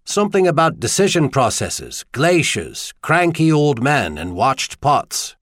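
A man's voice: a little high, big pitch swings, unhurried, fairly bright tone, no room sound, exaggerated voice. A man voicing a stern young emperor who speaks dryly and plainly. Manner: dry, stern. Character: stern, dry-witted male emperor.

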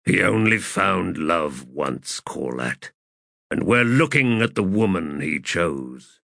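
A man's voice: sits low, very animated, takes it slowly, creaky, bright, forceful tone, no echo, clean studio sound, full character voice. A man voicing a blunt, plain-spoken soldier in an audiobook.

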